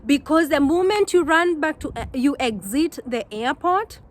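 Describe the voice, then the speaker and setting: A woman's voice: sits high, normal speed, low-quality recording. A Kenyan woman giving earnest, heartfelt advice in a casual vlog, often repeating her points. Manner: earnest, repeats herself, animated quoting. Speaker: vlogger.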